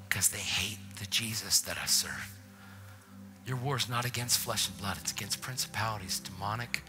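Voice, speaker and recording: A man preaching a passionate sermon in a church, often dropping into hushed whispers. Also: fairly low pitch. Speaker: guest preacher. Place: church, faint music behind.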